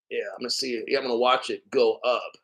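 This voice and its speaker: A man hosting a livestream, talking in an excitable, profane way that breaks into shouts. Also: medium pitch. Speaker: livestream host. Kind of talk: excited crypto livestream chat.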